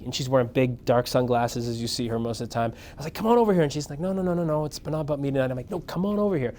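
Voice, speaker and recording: A middle-aged man, a news anchor, telling career stories to an audience in a casual, animated way and acting out the voices he quotes. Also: mid-range voice. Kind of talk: casual storytelling talk to an audience.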